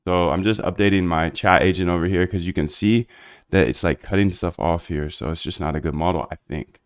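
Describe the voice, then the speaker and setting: A man's voice: deep voice, brisk. A man streaming live while he codes, rambling in slangy casual talk to himself and his chat. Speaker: livestreaming programmer.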